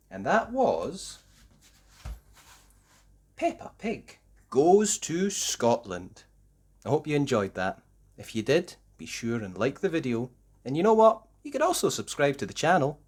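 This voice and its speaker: A woman reading a children's storybook aloud with slow, expressive, sing-song delivery. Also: very deep voice. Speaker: story reader.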